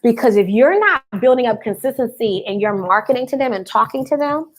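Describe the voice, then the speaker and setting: A woman with a fairly high voice coaching business owners on a live stream. She talks with a lot of energy and repeats her points to drive them home. She keeps calling on her viewers to answer back, with traces of in her speech. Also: a little fast. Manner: energetic, call-and-response, repeats for emphasis.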